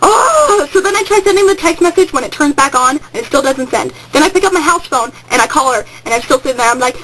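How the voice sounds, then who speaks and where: Hyper high-pitched teen girl vlogging. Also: lively intonation, quick pace, few pauses, fairly bright tone, rough recording. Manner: hyper, rambling, swings to squeals. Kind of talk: casual excited vlog storytelling.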